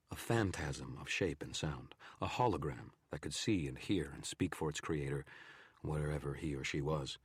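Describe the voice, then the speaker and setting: Man, storytelling narrator, extremely low voice, husky, close dry mic. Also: no echo. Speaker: streamer reading a novel aloud. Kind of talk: audiobook narration, live stream.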